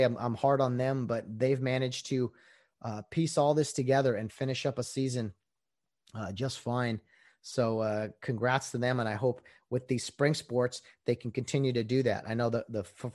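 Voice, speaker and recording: A man's voice: mid-range voice, darkish tone, no echo. A man hosting a casual solo sports podcast, rambling conversationally with lots of fillers, sounding a little out of breath with a sore voice, in a small home studio. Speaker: podcast host.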